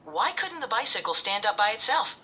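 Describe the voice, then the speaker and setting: A woman's voice: medium pitch, very animated, fairly quick, crowd noise. A synthetic woman's voice acting as an AI assistant, answering in a cheerful, eager and polished way. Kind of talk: upbeat assistant replies.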